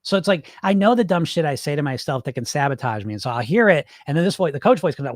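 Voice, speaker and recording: Speaking on a wireless mic, a weight-loss hypnosis coach hosts a live podcast about losing weight, reading out viewer comments. His voice sits on the high side and is expressive, moving quickly with few pauses, and he's blunt, profane, and full of pep-talk energy. The sound is clean studio audio with no echo.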